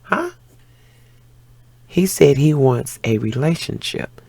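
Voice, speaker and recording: A woman in her fifties giving viewers a casual life update, telling stories with animated flair and casual swearing. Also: a bass voice, slow pace, creaky, husky, dry recording. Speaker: vlogger.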